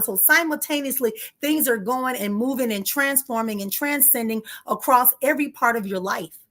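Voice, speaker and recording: A woman with a somewhat high voice leads a live spiritual teaching. She talks directly and informally to her listeners, driving home her points by repeating them. She gets heated and quickens her pace as she goes. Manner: emphatic, repeats key phrases.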